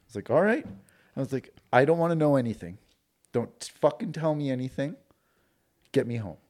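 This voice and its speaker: Profane, animated male storyteller. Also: mid-range voice, a little fast. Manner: profane, animated, acts out quoted dialogue. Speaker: podcast guest recounting a personal experience. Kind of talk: casual storytelling.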